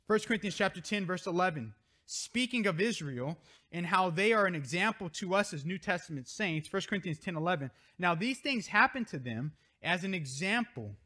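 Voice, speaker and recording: A man's voice: sits high, bright, forceful tone. A man pastor preaching a sermon, reading scripture verses aloud and stressing key words as he explains them. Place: church sanctuary.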